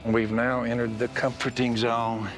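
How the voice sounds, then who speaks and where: A man's voice: mid-range voice, level tone, a little slow. A father, folksy and dryly teasing his family. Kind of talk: reality show banter. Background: music.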